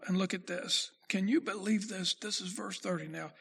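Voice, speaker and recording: Male pastor, high gravelly voice; slow scripture reading that builds into intense preaching. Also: steady tone, a bit bright. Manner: reads scripture slowly then preaches with rising intensity. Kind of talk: sermon.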